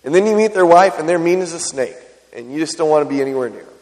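High-voiced man preaching in a hall. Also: lively intonation, quick pace, darkish tone. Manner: conversational preaching with frequent questions to the congregation. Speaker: pastor. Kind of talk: sermon.

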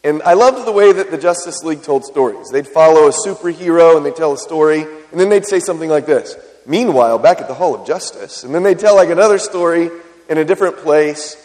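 High-voiced man preaching in a hall. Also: darkish tone. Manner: conversational preaching with frequent questions to the congregation. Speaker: pastor. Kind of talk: sermon.

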